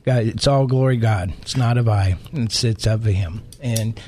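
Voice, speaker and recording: Deep-voiced man, humble and choked up. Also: a little slow, a little mellow, slight background noise. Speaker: radio show guest panelist.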